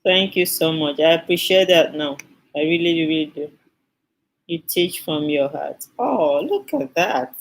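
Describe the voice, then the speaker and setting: A woman's voice: deep voice, steady tone, a little slow, poor audio. A woman hosting a skincare live stream, chatting with viewers and thanking them effusively, often repeating her phrases. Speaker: skincare channel host.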